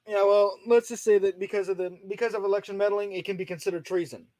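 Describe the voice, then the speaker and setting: A man's voice: high-pitched, fairly even intonation, fast talker, darkish tone, dry recording. A man arguing hotly in a casual call, insistent and talking over the others. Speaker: guest. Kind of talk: heated call-in argument.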